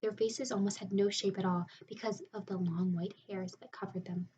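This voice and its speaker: Expressive woman reading a children's book. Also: medium pitch, normal speed, distant mic, muffled recording, a little hiss or hum. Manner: expressive storytelling. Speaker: narrator. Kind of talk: audiobook reading of a children's novel.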